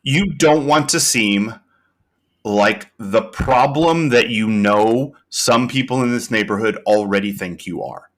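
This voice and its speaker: Bright-toned low-voiced man podcasting. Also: unhurried. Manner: thoughtful, rambling with many fillers. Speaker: podcast co-host. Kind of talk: casual recap chat.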